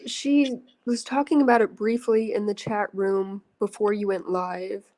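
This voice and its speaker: A woman who has joined a livestream as a guest, talking calmly and hedging with fillers. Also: medium pitch, measured pace. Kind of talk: casual call-in chat.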